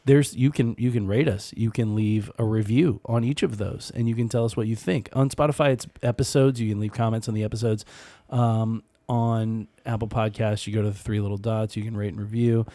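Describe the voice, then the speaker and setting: Man with a dark, dry podcast voice. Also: fairly low pitch, steady tone, dry recording. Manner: laughs easily, quick follow-up questions. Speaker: podcast host. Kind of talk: casual comedic chat.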